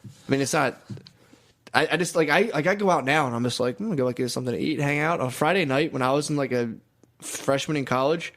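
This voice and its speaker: A man co-hosting a podcast who talks quickly in a mid-range voice. He tells animated stories in casual chat, acting out quotes and dropping curses and "dude" freely. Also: mid-range voice. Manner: frequent swearing and "dude". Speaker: podcast co-host.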